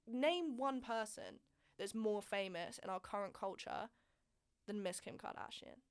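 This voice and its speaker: A woman's voice: mid-range voice, unhurried, clear, resonant tone. Girl in her twenties, chatty and blunt, swears a lot, telling a story. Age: 20s. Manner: frank, chatty, swears freely, animated emphasis. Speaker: vlog host. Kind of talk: candid casual storytelling.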